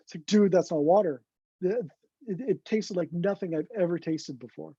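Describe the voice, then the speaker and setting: A man, a guest photographer, telling an animated story in an interview and acting out what his friends said. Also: high voice, moderate pace, slightly rough, no room sound. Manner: animated anecdote teller, acts out quoted friends. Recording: dull lo-fi recording.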